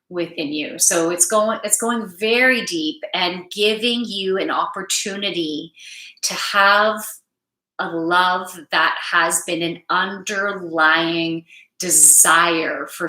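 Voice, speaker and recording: A woman giving a live oracle card reading, speaking gently and emotionally to her viewers and reading their comments aloud. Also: lowish voice, roomy sound, rough recording. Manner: gentle, spiritual, emotive, reads chat aloud.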